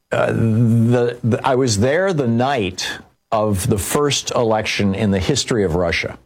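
An older man telling a personal story in political commentary, rambling with many restarts and fillers. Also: on the low side.

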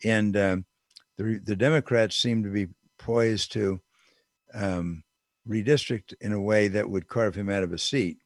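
A man's voice: lowish voice, steady tone, unhurried, no room sound, studio quality. An older man giving a casual, digressive political commentary monologue with emphatic asides.

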